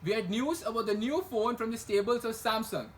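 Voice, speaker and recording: A man's voice: extremely high pitch, brisk, slight background noise, poor audio. A young man hosting a satirical news show, full of sarcastic asides and rhetorical questions. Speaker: comedy news show host.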